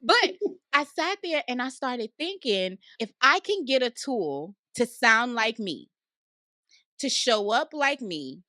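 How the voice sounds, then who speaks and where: A woman guest talking business in an animated, casual interview, loud and given to cackling laughs. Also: a little high, takes it slowly, no echo, studio quality. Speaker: podcast guest, credit consultant.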